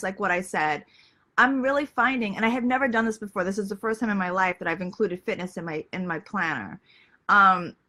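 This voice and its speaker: A woman in her thirties chatting casually on a live video, hoarse and losing her voice, full of likes and ums. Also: mid-range voice, bright, forceful tone. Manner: chatty, peppered with "like" and "um". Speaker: lifestyle vlogger. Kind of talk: casual Facebook Live chat.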